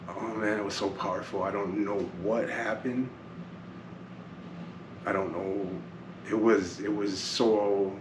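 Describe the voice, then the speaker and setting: A lower-voiced man talks earnestly about his recovery, rambling and circling back on his own phrases. The room gives him a roomy echo, and a faint hiss sits underneath. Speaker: recovery vlogger. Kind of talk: personal testimony vlog.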